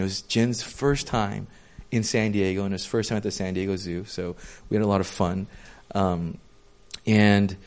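A young man giving a casual, conversational sermon, telling stories with lots of "um" and "like". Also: lowish voice. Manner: chatty, many fillers like "um" and "like", animated storytelling. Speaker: preacher.

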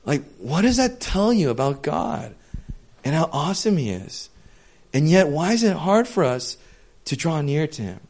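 A man's voice: fairly high pitch, normal speed. A young man giving a casual, conversational sermon, telling stories with lots of "um" and "like". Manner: chatty, many fillers like "um" and "like", animated storytelling. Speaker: preacher.

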